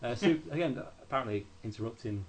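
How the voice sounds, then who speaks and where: A young man co-hosting a casual podcast, leading the segment in a brisk, wry way. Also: mid-range voice, animated, crowd noise. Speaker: podcast co-host. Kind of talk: casual chat.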